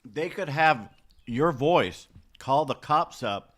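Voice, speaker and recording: Man, radio co-host, animated casual chat, tense bright tone, slightly high voice. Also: takes it slowly.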